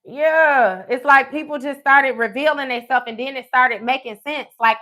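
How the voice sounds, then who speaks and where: A woman tells a personal story in a live stream, animated and profane, often checking in with "okay?". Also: high voice, moderate pace, few pauses. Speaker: tarot reader.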